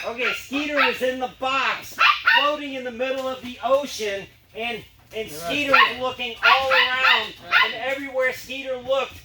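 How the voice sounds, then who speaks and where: A man performing a dog trick show, telling a rambling story and breaking off to cue his dogs. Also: very high-pitched. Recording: roomy, distant mic, background noise.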